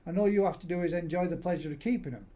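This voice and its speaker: A man's voice: high-pitched, racing, dark tone. A middle-aged man hosting a live hobby chat, talking casually in long rambling stretches with many restarts. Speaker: host. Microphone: live stream call.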